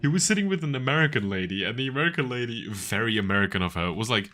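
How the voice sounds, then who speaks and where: A man's voice: lowish voice, animated, quick pace, pushed and bright. A man streaming and chatting casually with viewers, rambling through stories and laughing often.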